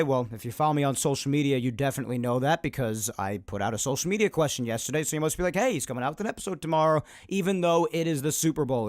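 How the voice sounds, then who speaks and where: A man hosts his own podcast in a loose, talkative manner, slipping into rants. His voice sits a little high but is raspy from phlegm. The recording is dry and close to the mic. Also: dry recording. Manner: chatty, ranting, loud energetic openings. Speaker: podcast host. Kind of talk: casual solo podcast talk.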